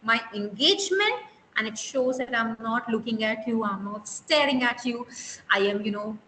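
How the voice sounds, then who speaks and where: High-voiced woman trainer. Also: animated, normal speed, pushed and bright. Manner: emphatic, repeats key words, keeps quizzing the class. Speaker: soft skills interview trainer. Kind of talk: live online class lecture. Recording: echoey room with long reverb, faint hiss.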